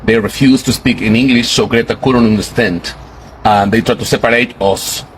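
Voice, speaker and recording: A man's voice: medium pitch, steady tone, normal speed, slight background noise, rough recording. A man from Mexico earnestly recounting an ordeal to camera, searching for words. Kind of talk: testimony to camera.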